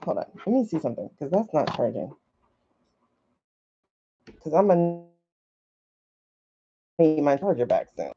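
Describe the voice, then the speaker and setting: A woman's voice: sits low, big pitch swings, unhurried, long pauses, dark tone, slight background noise. A woman hosting a casual livestream from her phone, chatty and skeptical, thinking aloud with many fillers. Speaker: livestream host. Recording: dull lo-fi livestream audio.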